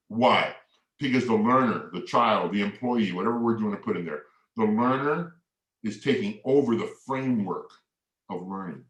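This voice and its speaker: Middle-aged man telling stories in an echoey hall. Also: lowish voice. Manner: acts out both sides of remembered dialogue. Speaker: keynote speaker. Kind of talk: storytelling keynote talk. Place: large hall. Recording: echoey hall, mic far off.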